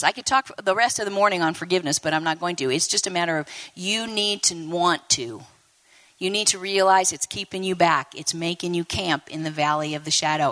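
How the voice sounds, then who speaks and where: A woman in her fifties preaching a lively sermon to a congregation, addressing them directly and acting out quoted voices. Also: fairly low pitch. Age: 50s. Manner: animated, talks to the congregation, acts out quoted voices.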